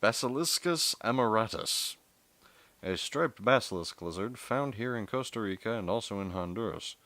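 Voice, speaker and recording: Reassuring Southern-accented biologist, played by a man, soft-spoken and knowledgeable, pitched slightly up. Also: animated, moderate pace, no room sound. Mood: assured.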